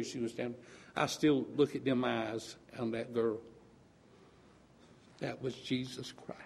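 A man's voice: medium pitch, breathy edge. An older man giving a fervent preaching testimony in church, rising to emphatic peaks. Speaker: church speaker.

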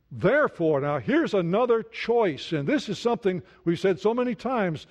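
A man preaching a sermon in an earnest way, dropping to a soft hush when he speaks prayers. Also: high-pitched, sing-song, moderate pace, few pauses. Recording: dull lo-fi sound.

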